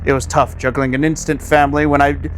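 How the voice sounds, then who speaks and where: A man co-hosting a podcast, reading a story aloud in a low, flat news-anchor style. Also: fairly quick, a little hiss or hum, rough recording. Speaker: podcast co-host and story reader.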